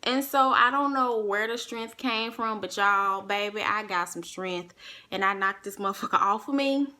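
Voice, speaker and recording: A young woman recounting a personal story straight to her listeners, loose and animated, with a bright, forceful tone. She swears freely, addresses the room directly, and slips into the voices of the people she quotes. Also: mid-range voice, moderate pace. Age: young adult. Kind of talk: casual storytelling to an audience.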